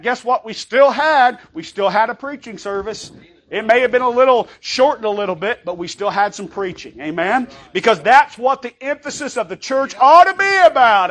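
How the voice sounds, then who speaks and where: A man with a high voice preaching a sermon from the pulpit. He talks emphatically and conversationally, pausing to ask for an amen. When he reads scripture, he slows right down. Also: fairly bright tone. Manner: emphatic, calls for amens, reads scripture slowly. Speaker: pastor.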